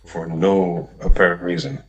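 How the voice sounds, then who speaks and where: Deep-voiced man rambling casually. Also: level tone, unhurried, low-quality recording. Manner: rambling, peppered with "man" and "like", swears freely. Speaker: vlogger. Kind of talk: casual storytelling monologue.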